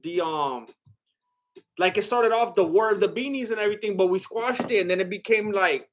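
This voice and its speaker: A man's voice: high-pitched, a little fast, fairly bright tone, slight background noise. A man with a Mexican-American accent chatting casually on a live stream, rambling with lots of fillers and laughter.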